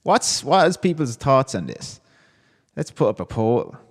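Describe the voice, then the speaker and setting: Chatty man with a lively voice. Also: mid-range voice, a little slow, long reverb tail. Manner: wry, chatty, reacts to chat with amused banter. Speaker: livestream host. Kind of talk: casual livestream chat reading comments.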